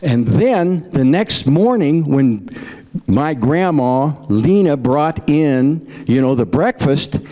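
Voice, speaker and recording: A middle-aged stand-up comedian tells folksy jokes about his grandparents, acting out their voices in raised tones. His voice sits fairly high, with lively intonation and a warm tone, and he takes his time.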